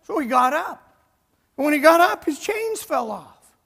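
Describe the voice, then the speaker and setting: A male pastor tells a scripture story to his congregation, swinging from booming to hushed. His voice sits unusually high for a man. It rings out in a church sanctuary with a long, trailing reverb. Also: unhurried, vocal fry. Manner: storytelling, animated, swings between loud and hushed. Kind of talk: sermon.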